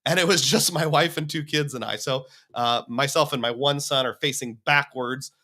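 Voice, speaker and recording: A man's voice: mid-range voice, normal speed, bright, forceful tone. A man hosting a livestream, talking casually and rambling as he reads viewer comments. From United States. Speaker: livestream host.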